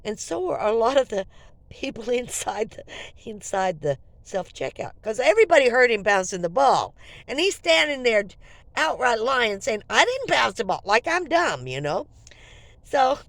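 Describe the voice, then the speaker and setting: An older woman vlogging, telling a story to her viewers in a casual, animated and jokey way. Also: fairly high pitch, moderate pace, no echo.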